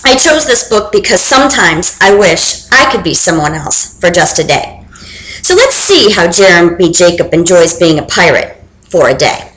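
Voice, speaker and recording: A young woman reading a children's book aloud with expressive, animated storytelling. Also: on the low side, normal speed, a little hiss or hum. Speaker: reader. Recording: roomy echo.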